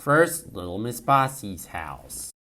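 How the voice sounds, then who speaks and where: A man narrates a cartoon storybook at an unhurried pace. His voice rises and falls in lively swings from line to line. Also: lowish voice, very noisy.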